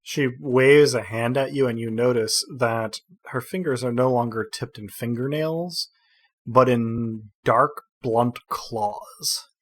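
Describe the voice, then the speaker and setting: Man narrating a tabletop game. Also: medium pitch. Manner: descriptive, measured storytelling. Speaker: game master.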